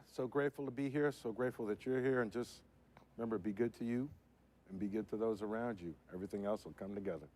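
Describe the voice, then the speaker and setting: A man on a video-call panel giving sincere, gentle parting words. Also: lowish voice, fast talker. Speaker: voice actor panelist.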